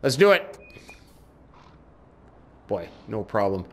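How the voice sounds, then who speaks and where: A man giving chatty let's-play commentary, talking to his in-game horse and jumping up in pitch when excited. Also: slow pace. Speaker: gaming YouTuber.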